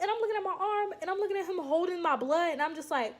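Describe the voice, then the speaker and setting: A young woman vlogging to her viewers in a casual, animated storytelling way, laughing often and calling them y'all. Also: very high voice, quick pace, hardly any pauses. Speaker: vlogger recounting her enlistment processing.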